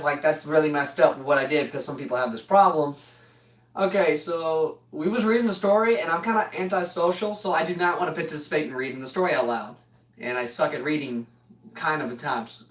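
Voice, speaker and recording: A young man with a slightly high, somewhat bright voice rambles through a funny story as a vlogger, joking and laughing along the way. He sounds distant from the mic, his voice sitting in a roomy space.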